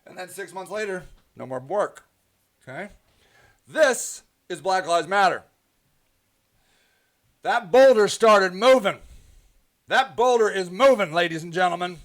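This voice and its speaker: A host talking in a casual monologue, brash and animated, swearing freely and acting out other people's voices. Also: female voice, medium pitch, unhurried, long pauses.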